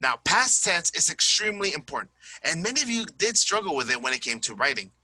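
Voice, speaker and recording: A man's voice: a little high, sing-song, fast talker, pushed and bright, no room sound, low-quality recording. A tired man teaching an English lesson, chatty and repeating examples aloud. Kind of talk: recorded classroom lesson.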